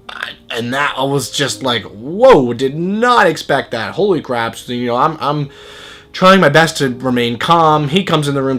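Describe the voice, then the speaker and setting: A man's voice: mid-range voice, fairly bright tone. A man earnestly telling a personal story in a casual, conversational way, acting out what people said. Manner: earnest, conversational, acts out quoted dialogue.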